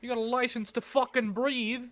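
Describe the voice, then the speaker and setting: A man's voice: extremely high pitch, flat delivery, normal speed, fairly bright tone, no echo, faint music behind. A man streaming a game, chatting casually with crude jokes and rambling asides. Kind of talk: casual gameplay commentary.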